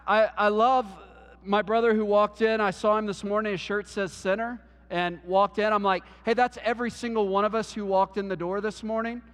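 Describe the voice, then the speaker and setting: A man's voice: high-pitched, a bit bright, big-room sound. A man preaching a sermon in a church, earnest, often restarting words and using "like" as a filler. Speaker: pastor.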